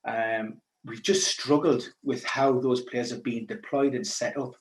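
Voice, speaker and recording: A man with a Geordie accent chatting casually as a podcast co-host, animated and joking. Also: medium pitch, a little slow, reverberant. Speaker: podcast co-host, football pundit.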